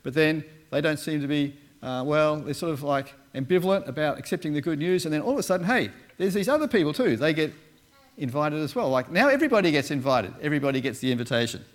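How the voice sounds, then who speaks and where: Man preaching, slightly high voice, rambling, lots of fillers, explains word by word. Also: lively intonation, fast talker. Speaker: preacher, former Bible translator. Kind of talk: casual sermon with slides.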